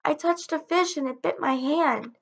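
Meek little stepson in a folktale, a bit higher, a lady putting him on. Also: moderate pace, vocal fry. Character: mistreated young boy, meek and obedient.

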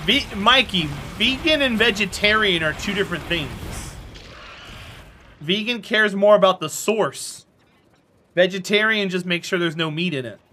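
A man's voice: high voice, animated, a little slow, noisy background. A man streaming a game, chatting casually and teasing his viewers with jokes. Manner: joking, teasing chat banter.

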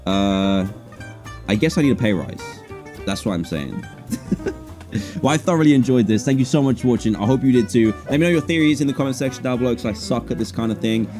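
A man giving excitable let's play commentary on a horror game, with sudden high yelps. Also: a little fast, soft background music. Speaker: gaming streamer.

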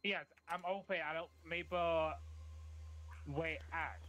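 A man's voice: fairly high pitch, steady tone, unhurried, pushed and bright, highs cut off. A man playing a game alongside a friend, hesitant and rambling with lots of ums. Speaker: co-player. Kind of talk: casual gaming chat.

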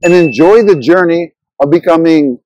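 A man hosting a language channel, narrating a scripted lesson in an explanatory way and slowing down to sound out example words. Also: on the high side, darkish tone, slight background noise, low-quality recording.

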